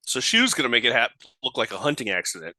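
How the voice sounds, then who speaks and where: Bright-voiced man, laid-back podcast host. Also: mid-range voice, sing-song, fast, no echo. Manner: brief, chuckling replies. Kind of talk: casual movie commentary chat.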